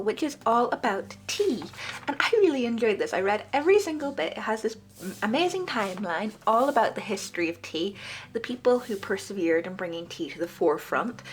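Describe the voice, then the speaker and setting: A woman vlogging a casual magazine review, chatty and enthusiastic, her pitch jumping up when she gets excited. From Britain. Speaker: book club vlogger.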